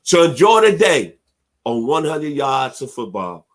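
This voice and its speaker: A man's voice: mid-range voice, sing-song, a little slow. Man from Memphis, radio host, heartfelt, blessing-filled sign-off. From Memphis, Tennessee. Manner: heartfelt, preacher-like shout-outs. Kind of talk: casual sports radio talk.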